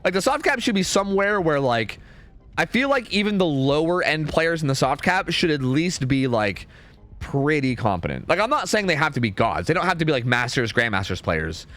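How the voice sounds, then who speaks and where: Young man, streamer, casual rambling rant with filler words, slightly high voice. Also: sing-song, moderate pace, a bit bright. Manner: rambling, full of "like" and "dude", swearing.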